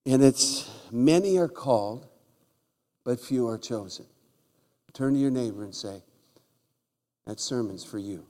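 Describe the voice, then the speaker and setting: A man preaching a humorous sermon in a church, telling jokey stories and breaking into loud shouts. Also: medium pitch, unhurried, pauses often. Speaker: guest preacher. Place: church sanctuary. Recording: large hall with long reverb.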